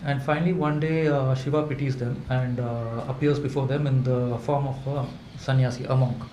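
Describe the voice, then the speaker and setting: A man, telling folk tales to a live audience in a halting way, with many fillers and restarts. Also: mid-range voice, fairly even intonation, mellow. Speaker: storyteller. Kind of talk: live folklore storytelling. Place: event hall indoors. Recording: echoey room with faint hum.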